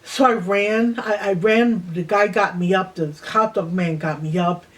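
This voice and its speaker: A woman in her sixties slowly telling a personal childhood memory in a reflective way, sometimes dropping to a near-whisper. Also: mid-range voice. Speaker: host. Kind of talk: personal storytelling.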